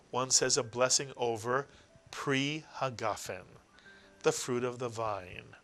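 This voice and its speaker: Male teacher for a recorded lesson, unhurried and patient, mid-pitched, faint music underneath. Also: fairly bright tone. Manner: slow, patient, spells out letters and syllables. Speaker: Hebrew teacher.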